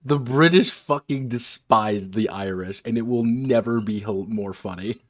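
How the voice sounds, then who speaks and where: A man's voice: on the low side, a little slow, no room sound, soft background music. A man chatting casually on a stream about designing games, rambling, laughing and swearing freely. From United States. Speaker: game designer streaming a workshop.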